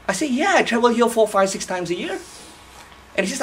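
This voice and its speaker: A man's voice: high voice, fast talker. A man from Malaysia telling a motivational story to a live audience, acting out the dialogue and laughing along. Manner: animated, acts out dialogue with laughs. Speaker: motivational speaker.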